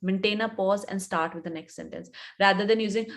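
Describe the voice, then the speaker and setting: This Indian English-accented image coach, a woman in her thirties, speaks in a mid-range voice, a little fast and with few pauses. She offers instructive advice during a live webinar, restating her points to stress them.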